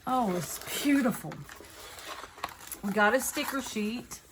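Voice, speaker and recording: A woman's voice: fairly high pitch, slow, background noise. A woman with a Southern accent, chatting and rambling casually as she unboxes and shows off a craft kit. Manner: chatty, rambling, self-correcting. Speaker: craft video host.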